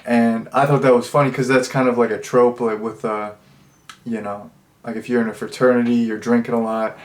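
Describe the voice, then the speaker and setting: A man's voice: mid-range voice, flat delivery, a little fast. Rambling young man reviewing a movie. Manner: rambling, full of fillers and restarts. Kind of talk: casual spoken review.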